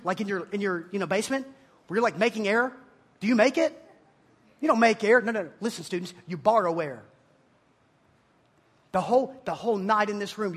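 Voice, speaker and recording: A high-voiced man with a husky edge delivers an energetic sermon to a room full of students. He jokes and teases as he talks, and he keeps dropping into mock voices to play the doubters he is arguing with. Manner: animated, joking, mimics listeners in mocking voices. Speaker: youth pastor. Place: room with a live audience of students.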